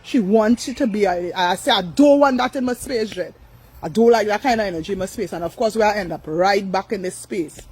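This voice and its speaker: A woman's voice: mid-range voice, a little fast, darkish tone, breathy edge, rough recording. An older woman, ranting on a live stream, blunt, profane and repetitive. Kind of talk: angry live-stream rant.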